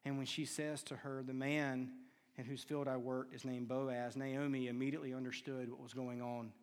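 A man preaching a sermon, telling stories and acting out quoted lines with hushed and raised turns. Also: mid-range voice, flat delivery, moderate pace. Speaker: pastor. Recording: long hall reverb.

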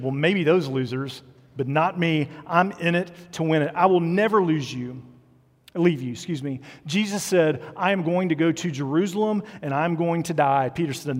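Earnest preacher man in reverberant hall. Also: on the high side. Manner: earnest, drops to soft quiet emphasis. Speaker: pastor. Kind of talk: sermon.

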